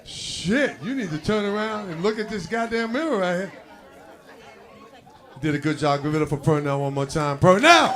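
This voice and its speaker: A man's voice: extremely high pitch, fairly bright tone. A man hosting a comedy show, brashly roasting the last comic and hyping the crowd for the next. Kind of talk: emcee banter. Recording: live club mix with music and cheering crowd.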